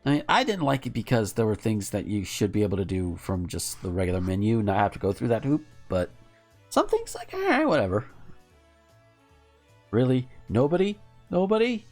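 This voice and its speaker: A young adult man from the American South, giving animated live commentary while gaming, cursing and laughing at the game. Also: fairly low pitch, normal speed, faint music behind. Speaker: game streamer.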